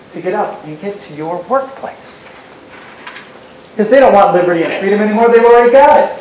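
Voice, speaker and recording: Man speaking from afar in a booming hall. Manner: rhetorical questions, repetitive build-ups. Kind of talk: motivational talk to an audience. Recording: very echoey hall, distant mic, faint noise.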